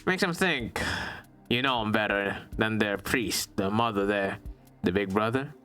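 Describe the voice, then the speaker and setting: A man voicing a weary, low-energy older male detective with a put-on Texan drawl. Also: unhurried, sharp tone, smooth, faint music behind. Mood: gruff. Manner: laid-back, drawling.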